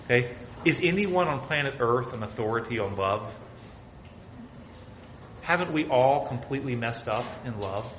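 A man's voice: medium pitch, lively intonation, moderate pace. Emphatic male preacher with faint hiss. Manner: emphatic, often asks "okay?", swings from loud to hushed. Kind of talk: sermon.

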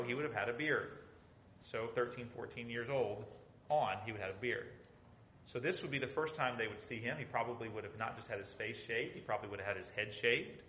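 A man's voice: mid-range voice, pushed and bright, echoey room, a little hiss or hum, low-quality recording. A man teaching a Bible study, speaking emphatically and asking his listeners rhetorical questions.

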